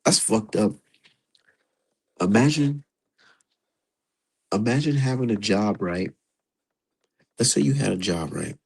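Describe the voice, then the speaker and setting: Gravelly man riffing on a live stream. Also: fairly low pitch, takes it slowly, long pauses, rough recording. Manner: profane, animated, talks to chat. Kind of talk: casual live-stream commentary.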